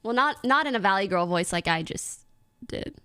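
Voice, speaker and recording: A young woman streamer telling a story in casual chat to her viewers, giggling often and talking in an animated way. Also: mid-range voice, normal speed, clean tone.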